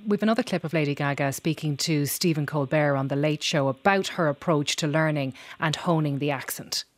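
A woman hosting a radio show, putting brisk, probing questions to her guests. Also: sits low, no echo. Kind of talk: radio interview.

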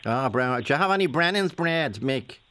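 A man's voice: a little high, expressive, moderate pace, sharp tone, dry recording. An Irish man hosting a radio phone-in, teasing and quizzing his callers. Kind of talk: lively phone-in chat.

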